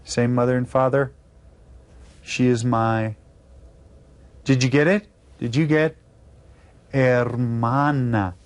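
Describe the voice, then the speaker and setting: Slow, patient man teaching children. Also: mid-range voice, clean tone. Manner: slow, patient, spelling words out letter by letter. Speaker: Spanish teacher. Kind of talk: video lesson for children.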